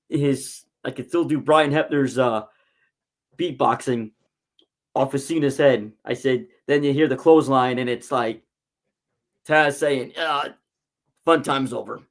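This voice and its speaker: A man's voice: mid-range voice, measured pace. A man on a casual podcast, telling long fan stories with lots of restarts and false starts. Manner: rambling storyteller with many restarts. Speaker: guest, wrestling promotion figure.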